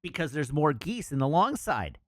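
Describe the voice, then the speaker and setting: A man's voice: on the high side, big pitch swings, normal speed, background noise. A man streaming a video game from his home setup, casually chatting and telling cheesy pun jokes into a desk microphone. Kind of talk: casual live-stream chat.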